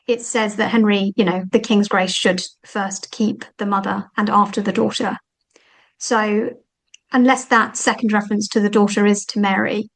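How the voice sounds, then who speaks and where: A woman talking as the guest author in an interview, animated and thinking aloud with frequent fillers. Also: mid-range voice, poor audio. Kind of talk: conversational interview.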